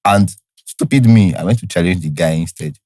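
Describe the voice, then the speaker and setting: A young man with a Nigerian accent, telling a personal story as a podcast guest in animated, laughing chat. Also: sits low, a little fast, music in the background.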